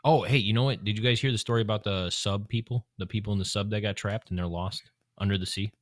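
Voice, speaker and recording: A man's voice: lowish voice, fairly even intonation, fast, no room sound, clean studio sound. A young man hosting a podcast, swearing and joking in loose, casual banter. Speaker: podcast host. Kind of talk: casual chat.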